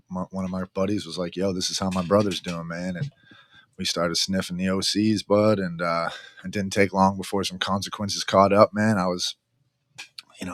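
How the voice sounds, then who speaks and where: Middle-aged man, deep monotone voice, frank, profane, casual storyteller. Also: no room sound. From Massachusetts, near Boston. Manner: frank, profane, says "man" after almost every phrase. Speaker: guest in recovery.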